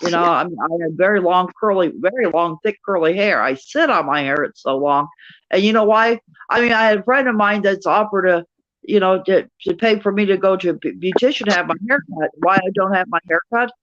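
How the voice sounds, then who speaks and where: A woman's voice: mid-range voice, brisk, a bit bright, no room sound. Rambling woman on a dull call line. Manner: rambling, repeats words often. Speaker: guest on a live stream. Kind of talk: casual chat.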